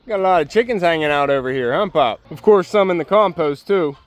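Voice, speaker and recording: A man's voice: fairly high pitch, expressive, brisk, hardly any pauses. A man on his homestead, chatting to the camera and coaxing his chickens, goats and pigs at feeding time. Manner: chatty, coaxing, talking to animals. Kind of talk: casual vlog talk to animals and camera. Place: outdoors on a farm. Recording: faint outdoor farm noise. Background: farm animals bleating.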